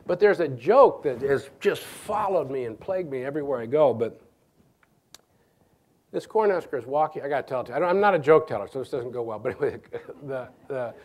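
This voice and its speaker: A middle-aged man from Nebraska speaks at an evening lecture in a voice of ordinary, middle pitch. He stops and restarts often and chuckles as he tells his stories. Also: lively intonation, darkish tone. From Nebraska, USA. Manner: halting, many restarts, chuckling anecdotes. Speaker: guest speaker.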